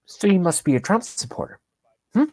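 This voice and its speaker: A man's voice: sits high, sing-song, a little mellow, no room sound, pitched above the performer's own voice, heavily acted. A man mocking a smug, condescending woman news anchor. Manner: slow, patronizing questions ending in a drawn-out hmm.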